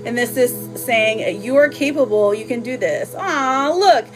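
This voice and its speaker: A woman's voice: a little high, animated, unhurried, music in the background. A woman hosting a live oracle card reading, chatty and playful, laughing often as she reads for viewers. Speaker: live tarot reader.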